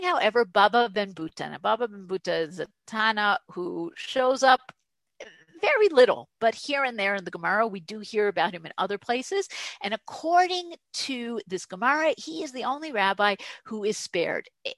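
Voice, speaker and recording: A woman gives a classroom lecture in an even, mid-pitched voice. She explains patiently and keeps checking in with "right?". The sound is close and dry. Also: no room sound. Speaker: teacher.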